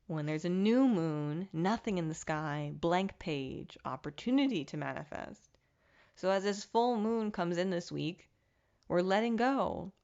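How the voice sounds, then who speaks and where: A woman's voice: lowish voice, animated, a little slow, a little mellow, lo-fi sound. A woman hosting her own podcast, talking candidly and reflectively in a casual motivational monologue with the odd curse. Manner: candid, reflective, mildly profane self-help talk. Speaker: podcast host.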